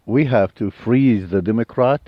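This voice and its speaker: A low-voiced man speaks earnest, blunt English with grammar. The sound is a little muffled and dry, with faint music underneath. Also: unhurried, dry recording. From Iraq. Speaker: guest. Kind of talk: casual conversation. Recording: slightly dull with faint music.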